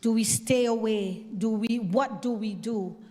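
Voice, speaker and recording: A woman's voice: a little high, a little slow, a little mellow, in a large hall. A woman leading a church program, earnestly addressing the congregation with questions. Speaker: church youth program leader.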